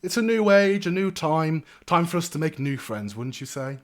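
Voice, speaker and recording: A bright, boastful young nobleman, put on by a man with a raised pitch and a loud, flourishing delivery. He is naive and upbeat and speaks like a hero off on an adventure. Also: animated, moderate pace, close to an everyday voice. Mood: charming. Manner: grand, theatrical and upbeat.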